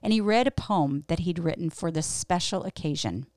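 A woman's voice: fairly low pitch, lively intonation, normal speed, darkish tone, no echo, clean studio sound. A middle-aged woman who hosts a show and teaches the Bible, telling a personal story in a reflective, earnest and candid way. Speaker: podcast host and Bible teacher.

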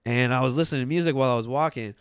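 A young man tells a story in a loose, laid-back way, swearing freely and slipping into quoted voices. His voice is smooth and clear. The sound is close and dry. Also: medium pitch, rapid-fire, no room sound. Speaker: guest telling a story. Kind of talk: casual storytelling.

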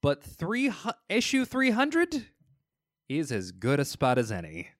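A man co-hosting a relaxed comic book podcast talks slowly and hesitantly, with lots of fillers. His pitch swings widely as he talks. The recording is dry and close. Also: no room sound. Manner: hesitant, with many uhs and laughs. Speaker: podcast co-host. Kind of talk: casual comic book chat.

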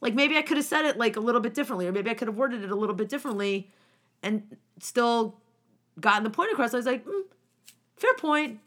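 A woman in her forties chats in a lively way and slips into other people's voices when she retells a conversation. Her voice is bright and clear. She sounds easygoing and expressive. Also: a little high, fast talker. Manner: animated storytelling, acts out quoted speech. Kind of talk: casual chat.

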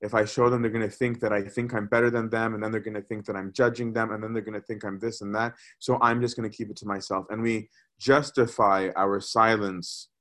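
A man's voice: lowish voice, flat delivery, brisk, few pauses, fairly bright tone. Man preaching a conversational sermon. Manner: conversational, repeats words while thinking.

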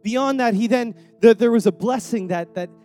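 A man's voice: very high voice, moderate pace, a little mellow, soft background music. A young adult male preacher giving a sermon in a conversational, slangy way, often repeating words.

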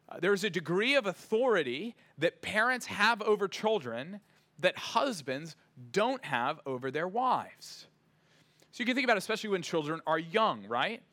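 A man delivering a sermon from the pulpit with a bright, forceful tone and a slightly raised pitch. He preaches earnestly and with emphasis, stacking up points and checking in with the congregation. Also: very animated, normal speed. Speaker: pastor.

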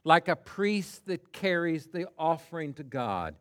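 A man preaching at a slow, measured pace in a fairly high voice. He leans hard on single words and swings from hushed to loud, as a pastor does in a sermon. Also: sing-song. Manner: deliberate, stresses single words.

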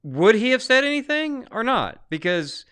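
A man's voice: extremely high pitch, normal speed, clean tone. A man with a Southern US accent, co-hosting a podcast in casual debate, talking emphatically with frequent restarts. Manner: emphatic, restarts often, lively swings in loudness. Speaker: podcast co-host.

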